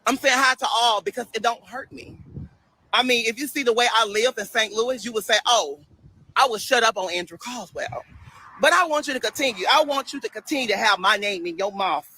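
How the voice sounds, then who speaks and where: A man livestreaming a preachy monologue, loud and animated, sassy and dismissive toward his commenters. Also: extremely high pitch, quick pace, slightly rough, poor audio. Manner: loud and animated, bursts into shouts and laughter.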